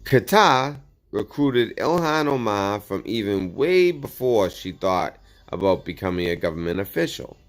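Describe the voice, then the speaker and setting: Sarcastic man reading news aloud. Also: on the low side. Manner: sarcastic asides, stumbles over words while reading. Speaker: political commentary channel host.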